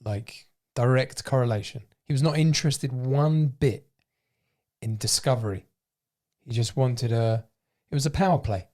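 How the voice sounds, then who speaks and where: In a studio, a male podcast host chats casually, thinking out loud in loose, rambling sentences. His voice sits in the mid-range, with a darkish tone and an unhurried pace.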